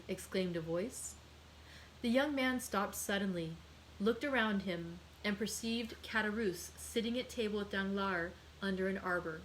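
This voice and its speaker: A woman librarian reads a classic novel aloud to her group. Her narration is steady and clear, with a voice of middling pitch for a woman. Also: moderate pace, slight background noise, low-quality recording. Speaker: librarian hosting a read-aloud.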